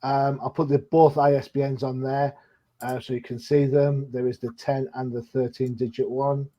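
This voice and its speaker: A man's voice: medium pitch, level tone, moderate pace, dark tone. An older man hosting a podcast, talking casually and joking at his own expense, with plenty of fillers. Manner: chatty and self-deprecating, many fillers. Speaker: podcast host. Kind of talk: casual chat. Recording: dull lo-fi sound.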